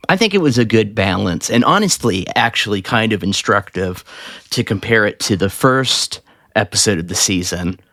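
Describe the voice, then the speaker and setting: A man co-hosting a podcast in casual chat, animated and laughing often, with a Southern US accent. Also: moderate pace, dry recording, studio quality. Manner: animated, laughs often, mimics lines in a higher voice. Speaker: podcast co-host.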